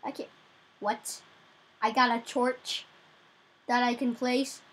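Excitable young female gamer, husky. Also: on the high side, takes it slowly, poor audio. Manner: excitable, yelps and cries out in frustration. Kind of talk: casual gameplay commentary.

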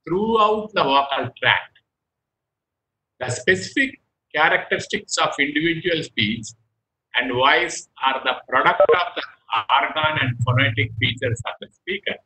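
A man's voice: on the high side, pushed and bright, echoey room, poor audio. A man giving a recorded medical lecture, often repeating phrases and restarting his sentences.

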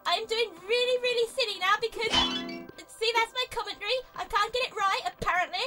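A woman's voice: very high voice, brisk, pushed and bright, faint music behind, pitched above the performer's own voice. A woman putting on an over-the-top posh British presenter voice, plummy and theatrical. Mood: mock-grand. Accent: exaggerated posh British.

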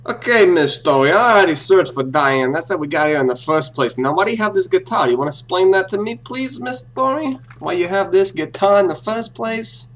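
A man's voice: high voice, animated, a little fast, few pauses, a bit bright. A man putting on a mocking, tough-talking male detective voice while commenting on a game as host. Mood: cocky. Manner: mocking, wisecracking interrogator. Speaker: gameplay video host.

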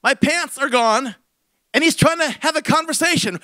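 A middle-aged man, a senior pastor, telling a comic story in a sermon with big swings between loud and hushed. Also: very high-pitched, moderate pace, no echo.

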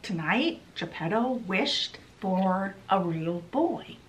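A woman voicing a kind female fairy who speaks slowly and gently. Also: medium pitch, expressive, a little hiss or hum. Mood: gentle.

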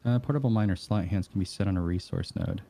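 A man playing a game with a friend on stream, joking and reacting excitedly in casual chat. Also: sits low, fast talker, gravelly, no echo. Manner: excitable, jokey, laughs often. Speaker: guest co-player.

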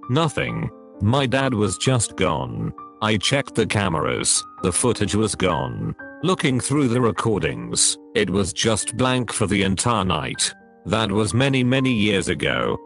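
A text-to-speech male voice narrating a horror story in a flat, even delivery. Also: on the low side, creaky.

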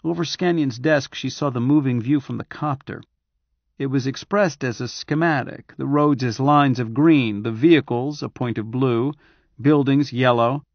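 A man's voice: medium pitch, normal speed, dry recording. Man narrating an audiobook, dry and muffled. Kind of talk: scripted narration.

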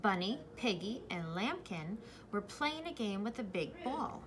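A young woman who teaches preschool, reading a picture book aloud to young children in a slow, encouraging way. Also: mid-range voice, very animated, a little hiss or hum. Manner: slow, sing-song, encouraging.

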